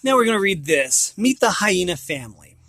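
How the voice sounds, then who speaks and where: A man's voice: sits high, sing-song, a little fast, pushed and bright, no echo. A man reading a children's picture book aloud, stopping to describe the pictures and restarting words. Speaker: reader of children's books.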